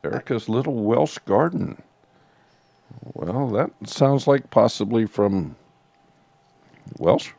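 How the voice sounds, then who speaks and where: A man's voice: mid-range voice, animated, slow, gravelly, pauses often, dark tone, no room sound. A man co-hosting a casual livestream, making folksy, musing asides. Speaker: co-host of a homestead livestream. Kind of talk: casual live chat.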